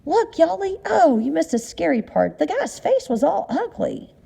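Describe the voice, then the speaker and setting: A woman voicing a loud, playful Mexican-American mother in a storybook reading. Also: fairly high pitch, normal speed. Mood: excited. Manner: excited, shouting.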